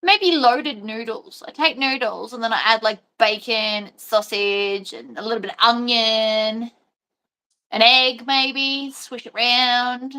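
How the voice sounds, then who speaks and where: Chatty woman sewing n rambling on, kinda high, really bright voice. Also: slow, clean tone. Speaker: sewing host. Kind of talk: casual chat while sewing.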